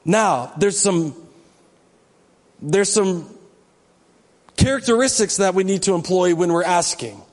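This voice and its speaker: A pastor with a fairly high voice preaches in a relaxed, chatty way and builds to urgent, emphatic appeals. His voice carries a long reverb from the big church sanctuary around him. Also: slow pace, long pauses. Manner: conversational, joking, rising into emphatic exhortation. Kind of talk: sermon.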